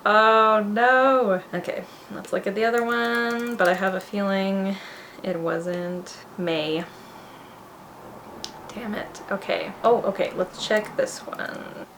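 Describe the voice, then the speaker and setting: A young woman talking casually on her own book vlog, animated and often laughing as she talks to herself. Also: mid-range voice. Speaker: booktuber.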